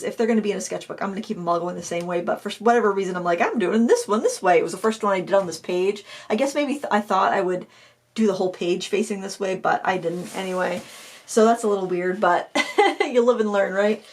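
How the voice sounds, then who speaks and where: A woman's voice: mid-range voice, slight background noise. A middle-aged woman hosting an art channel, chatting casually as she pages through a sketchbook, with fillers and self-corrections.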